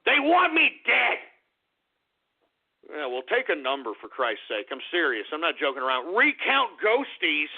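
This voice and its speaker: A man's voice: fairly high pitch, very animated, moderate pace, few pauses, slightly rough. A man hosting a political talk radio show, ranting angrily and cursing at his listeners. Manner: angry, profane, shouting at listeners. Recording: tinny phone-like internet radio audio.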